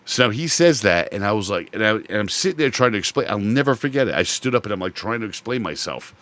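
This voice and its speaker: A middle-aged man hosting a podcast, chatting casually about games and telling animated stories, swearing freely. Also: on the low side, fast talker, no room sound. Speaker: podcast host. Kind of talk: casual chat.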